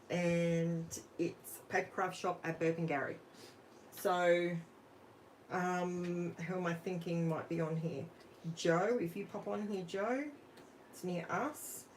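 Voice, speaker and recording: Chatty Australian woman, lowish voice. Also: slight background noise. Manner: chatty, talks straight to viewers in the chat while crafting. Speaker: craft channel host. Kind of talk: casual live-stream chat. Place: home craft room under overhead lights.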